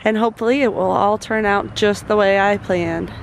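A woman's voice: medium pitch, fairly even intonation, normal speed, slight background noise. A woman with a cold and a stuffy voice, chatting casually to the camera and to her animals while doing farm chores outdoors. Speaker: homesteader vlogger. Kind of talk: casual vlog chat.

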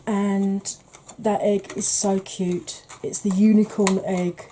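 A woman chatting casually as a beauty vlogger, easygoing and quick to laugh, with the odd mild swear. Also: mid-range voice, little pitch movement, noisy background. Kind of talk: casual makeup declutter chat.

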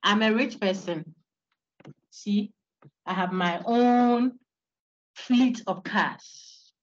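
A woman giving an animated philosophy lecture on a video call, asking her class rhetorical questions. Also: mid-range voice, extremely slow, slight background noise. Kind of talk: online university lecture. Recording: lo-fi online call audio.

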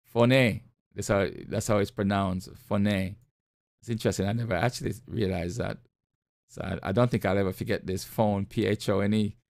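A man's voice: on the low side, fairly even intonation, normal speed, vocal fry, a little mellow, no room sound. Preaching man with a dry close sound. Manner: preaching with rhetorical questions and repeated scripture. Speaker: pastor. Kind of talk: sermon.

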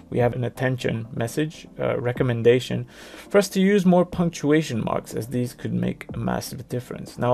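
Male tutorial presenter, gravelly mid-pitched voice, explains each click plainly, faint music underneath. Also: darkish tone. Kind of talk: screen-recorded software walkthrough.

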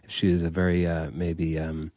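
A man's voice: sits low, completely flat delivery, normal speed, a little mellow, no echo. A man co-hosting a podcast in casual chat, telling rambling stories and laughing often. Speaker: podcast co-host.

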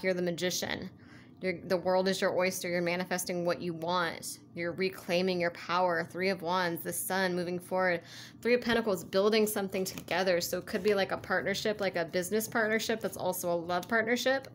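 A woman's voice: medium pitch, a little hiss or hum. A woman giving a casual tarot reading to her viewers, rambling and earnest, with lots of "like" and "you know". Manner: rambling, heavy use of "like", earnest and encouraging. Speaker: tarot reader.

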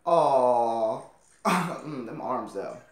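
A man's voice: lively intonation, extremely slow. Giggly man reacting, echoey room. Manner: giggly, gushing, frequent laughter; kept low to stay quiet. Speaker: reaction video host. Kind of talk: casual reaction commentary.

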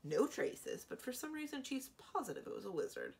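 A woman voicing a loud, huffy old male dragon in a storybook reading. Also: high-pitched, wildly swooping pitch, brisk, pitched above the performer's own voice, heavily acted. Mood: blustering.

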